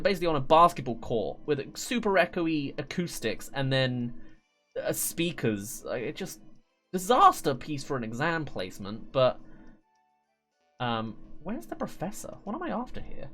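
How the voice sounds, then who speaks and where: A man's voice: medium pitch, a bit bright. A man talking casually through a game on a live stream, rambling, stumbling over words and laughing often. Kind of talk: live-stream gameplay commentary. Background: faint game music.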